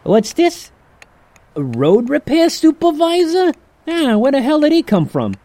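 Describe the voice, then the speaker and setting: A man's voice: extremely high pitch, huge pitch swings, a little slow, dark tone, no echo, exaggerated voice. An actor playing a jovial, sleazy male demon who talks in slangy, chuckling banter in an audio drama. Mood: taunting.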